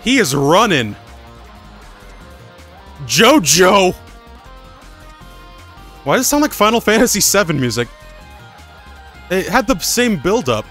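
A man's voice: high-pitched, big pitch swings, normal speed, a bit bright, soft background music. A man who streams games, giving crude, joking, rambling commentary as he plays. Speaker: gaming streamer. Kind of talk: casual gameplay commentary.

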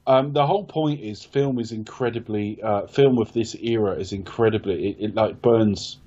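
A low-pitched man with a husky voice talks through a film in casual podcast chat. He rambles, stumbles over names and corrects himself, and swears now and then. The sound is dull and lo-fi. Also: moderate pace, mellow. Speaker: podcast co-host.

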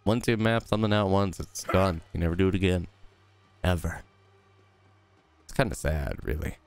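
Speaking smoothly at normal speed, a young man narrates his own video game session as a YouTuber. He jokes to himself and rambles in a goofy, silly manner, now and then breaking into sudden high squeals.

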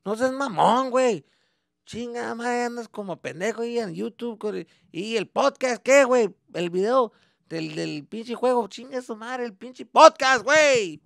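A man's voice: extremely high pitch, animated, moderate pace, gravelly, a bit bright, no room sound, studio quality, voice pushed up, full character voice. A man putting on his middle-aged dad, who curses and mocks his grown son for making gaming videos. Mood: scolding. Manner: cursing, mocking and scolding.

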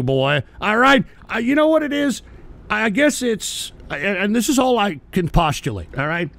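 A man's voice: high-pitched, gravelly, fairly bright tone, heavily acted. A man hosting a comedic call-in radio bit in character, brash and crude, throwing boastful insults at callers.

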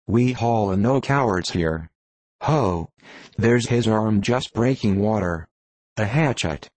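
A gruff old sailor muttering and rambling to himself, as a man reads him. Low-pitched and slow, recorded close and dry. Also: lively intonation, darkish tone, no echo. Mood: urgent.

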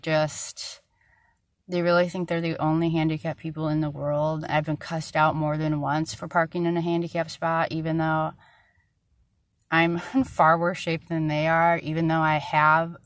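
Woman, lowish voice, venting a long rant, tired and halting, dry room sound. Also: level tone, no echo. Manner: frustrated, rambling, many fillers. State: tired, struggling to find words. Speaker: vlogger. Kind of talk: ranting personal vlog.

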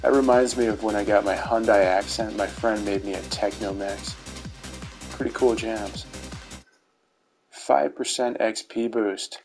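Middle-aged man, low voice, slow unhurried delivery, dry dad jokes, faint music behind. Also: steady tone, a little mellow, low-quality recording. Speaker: YouTuber reviewing game rewards. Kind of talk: casual commentary over gameplay footage.

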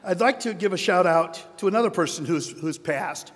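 Older man, wry acceptance speech, fairly high voice, big reverberant hall. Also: normal speed. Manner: wry, self-deprecating, anecdotal. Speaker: award recipient giving acceptance speech. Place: large hotel ballroom at a conference.

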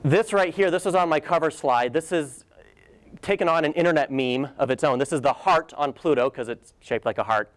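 A young man gives an enthusiastic, casual guest lecture with slides in a lecture hall, tossing in playful asides and a few fillers. His voice is fairly high and his pace fairly quick, and the recording is dry.

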